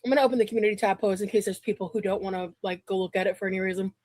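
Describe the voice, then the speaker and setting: A woman's voice: medium pitch, fairly even intonation, a little mellow, no echo. Chatty young woman streamer, dry sound. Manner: rambling, halting, with many restarts and fillers. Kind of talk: casual live-stream chat.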